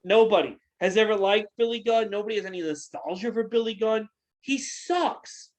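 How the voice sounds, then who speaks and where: A man's voice: sits high, normal speed. Man ranting angrily, swearing hard. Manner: angry, profane ranting with repeated questions. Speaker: podcast co-host. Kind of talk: casual ranting chat.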